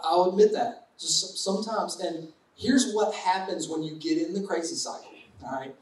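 High-voiced man preaching in an echoey hall. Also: recorded from a distance. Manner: conversational, playful asides to the congregation. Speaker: pastor. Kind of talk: sermon.

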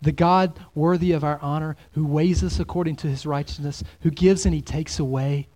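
A man preaching a sermon as pastor, swinging between loud exclamations and hushed, near-whispered lines. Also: a little high, steady tone, moderate pace.

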